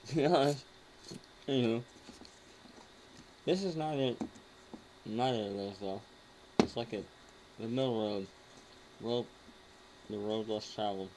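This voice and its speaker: A man's voice: lowish voice, slow, pauses often, noisy background. A man hosting a casual online show, reacting to videos with a crude, mocking, rambling manner. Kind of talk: casual rant commentary.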